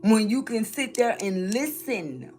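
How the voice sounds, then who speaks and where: A woman's voice: a little high, lively intonation, a little slow, a little mellow, faint music behind. A woman from New Orleans, chatting casually through a tarot reading and laughing often. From New Orleans, Louisiana. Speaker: spiritual reader. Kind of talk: tarot reading live stream.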